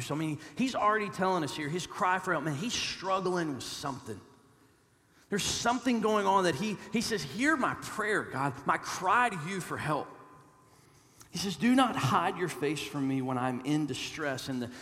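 Pastor, male, fairly high voice, earnest sermon delivery with echoing hall reverb. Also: expressive, normal speed. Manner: earnest, repeats words, swings from loud pleading to hushed.

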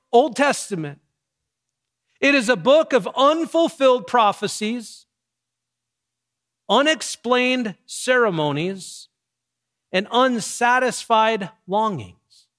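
A man, a pastor with young kids, preaching a sermon with emphatic, measured delivery and dramatic pauses. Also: sits high, a bit bright.

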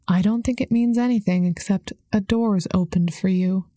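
A woman voicing a kind, calm older homeless woman who speaks soothingly. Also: mid-range voice, normal speed, no echo, clean studio sound, natural voice. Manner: soothing, gentle, calls others honey.

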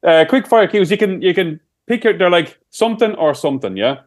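A man's voice: high voice, expressive, fairly quick. A man co-hosting a casual podcast, teasing his friend, laughing often and swearing freely. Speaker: podcast co-host.

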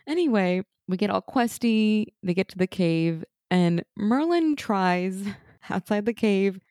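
A woman's voice: mid-range voice, takes it slowly, dry recording, studio quality. A woman co-hosting a podcast, chatting casually through an episode recap and mocking characters in quoted lines. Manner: animated, mocking voices in quotes. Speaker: podcast co-host.

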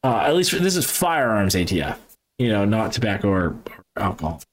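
A man's voice: on the low side, brisk. Profane, rambling man in casual chat. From New Hampshire. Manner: profane, rambling, animated storytelling. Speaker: podcast guest, gun business owner.

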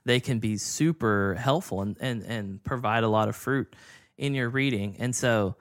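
A man co-hosting a casual Bible study discussion, talking in a relaxed way with lots of fillers and an easy laugh. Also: mid-range voice, moderate pace. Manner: relaxed and conversational, many fillers, laughs easily. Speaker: podcast co-host.

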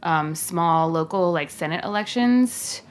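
Young female co-host from New York, slightly low voice, casual and opinionated. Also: expressive, measured pace. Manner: wry, opinionated, with fillers. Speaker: podcast co-host. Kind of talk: casual chat.

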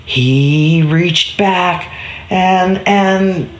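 A woman telling a children's story in a casual, animated way, with many restarts and playful sound effects. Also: fairly low pitch, extremely slow. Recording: roomy echo.

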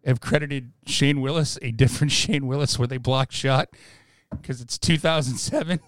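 A man's voice: mid-range voice, moderate pace, no echo, clean studio sound. A man co-hosting a casual hockey podcast, joking and laughing often. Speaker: podcast co-host.

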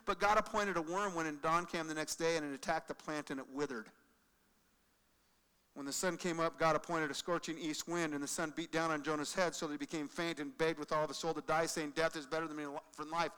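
A man preaching a sermon in an animated way, swinging from loud acted-out quotes to quiet emphasis, recorded in a large church sanctuary. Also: a little high, fairly quick, clean tone. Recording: long reverb of a large hall.

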